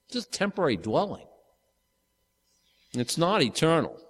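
Fifties male pastor, chatty rambling sermon delivery, mid-pitched, long hall reverb. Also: sing-song, normal speed, slightly rough. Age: 50s. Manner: casual, rambling, with frequent restarts and asides. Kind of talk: conversational sermon.

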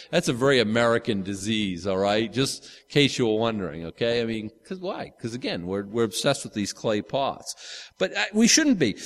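A man in his fifties preaching a casual, conversational sermon, rambling with restarts and asides. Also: medium pitch. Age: 50s. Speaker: pastor. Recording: long hall reverb.

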